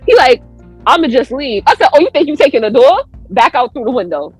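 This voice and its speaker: A woman's voice: quick pace, slightly rough, no room sound, faint music behind, poor audio. A woman guest on a podcast telling a story in casual chat, acting out quoted lines with big jumps in her voice. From United States. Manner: animated, acts out quotes with big pitch jumps.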